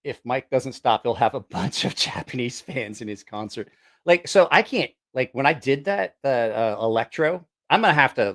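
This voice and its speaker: A middle-aged musician chats casually on a vlog while testing a voice effects box, rambling, swearing, and mocking himself. His voice is medium in pitch and fairly bright, with lively intonation at a normal speed.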